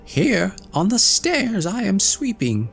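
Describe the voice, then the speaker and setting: A man voicing enchanted drops of blood that answer in a high, sing-song way in a fairy tale. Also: huge pitch swings, slow pace, creaky, soft background music, full character voice. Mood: eerie. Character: talking drops of blood answering a witch, eerie and small.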